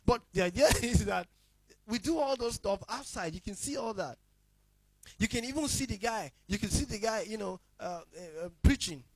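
A male pastor with a high voice delivers a sermon, hammering points through repetition. He swings between loud declarations and quiet, hushed asides. The sound is close and dry, with no room echo. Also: expressive, normal speed.

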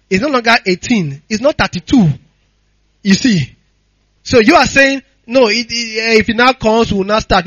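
A male pastor preaches with fervor, calling on the congregation to answer back. His voice sits high and sounds bright and forceful. The recording is dry, with a slightly dull sound. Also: breathy edge, dry recording. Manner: impassioned call-and-response preaching. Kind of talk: sermon.

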